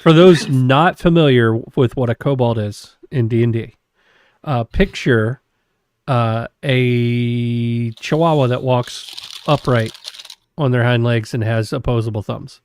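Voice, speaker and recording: A man's voice: mid-range voice, unhurried, a little mellow, clear, resonant tone. A man chatting casually on a stream, matter-of-fact as he explains things. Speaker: stream guest, former game master. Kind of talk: casual chat.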